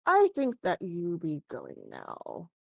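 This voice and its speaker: A woman's voice: lowish voice, wildly swooping pitch, slow, gravelly, dry recording, full character voice. A woman voicing a fussy, easily offended male jewel appraiser who haggles and grumbles in a tabletop game.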